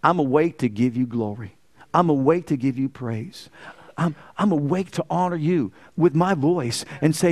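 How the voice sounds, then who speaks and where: A man's voice: fairly high pitch, moderate pace, darkish tone. A man preaching a sermon as pastor, asking the congregation rhetorical questions and rising in emphasis.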